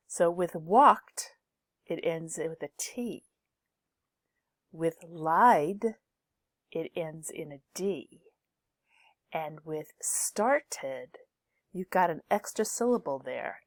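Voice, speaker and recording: A woman teaching a pronunciation lesson, speaking slowly and deliberately and saying each example word twice so learners can copy it. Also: low-pitched, mellow, no room sound, studio quality. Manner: slow, deliberate, repeats each word twice to model sounds. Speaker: English teacher.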